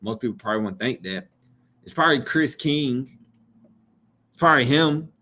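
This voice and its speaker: A man's voice: medium pitch, lively intonation, moderate pace, sharp tone. A man from Georgia hosting a live stream, reading chat aloud and joking. He talks casually and playfully, repeating his phrases.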